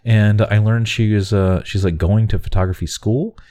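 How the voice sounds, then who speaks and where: A man's voice: fairly low pitch, fairly even intonation, moderate pace, dark tone. A middle-aged man co-hosting a casual podcast, telling a story with exasperated asides. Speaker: podcast co-host.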